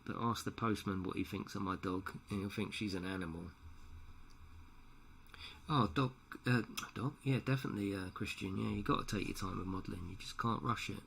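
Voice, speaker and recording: Brisk and gravelly, this man's lowish, fairly bright voice comes through a headset with slight background noise. He's streaming from a room at home at night, painting a model and chatting with viewers in a jokey way, often breaking into laughter.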